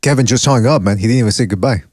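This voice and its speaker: A man's voice: mid-range voice, rapid-fire, a little mellow, dry recording, studio quality. A man hosting a casual boxing call-in show, joking around and laughing often while he takes callers. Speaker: podcast host taking calls.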